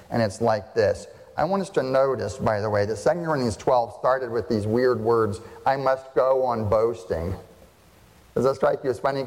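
A man's voice: medium pitch, a little mellow, big-room sound. A male pastor preaching a sermon, pressing the congregation with rhetorical questions and repeating key phrases for emphasis.

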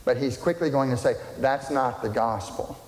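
A man's voice: medium pitch, moderate pace, a little mellow. A man preaching a sermon as pastor, emphatic, repeating key words and putting rhetorical questions to the congregation. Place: church sanctuary. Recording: echoey hall with long reverb.

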